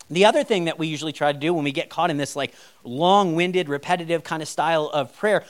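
A man with a fairly high voice preaches in an easy, chatty way. He drops wry jokes between his points. It sounds like a pastor talking to his congregation. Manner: conversational, with wry humorous asides. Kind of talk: sermon.

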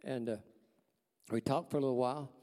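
A man, telling a personal testimony in church as a folksy, animated storyteller. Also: mid-range voice, a little fast, big-room sound. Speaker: church staff member giving a testimony.

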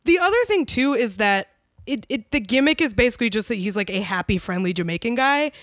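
A woman co-hosting a podcast in casual chat, talkative and quick to laugh, with lots of fillers. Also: on the high side, animated, dry recording, clean studio sound. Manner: chatty, laughs often, many fillers. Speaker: podcast co-host.

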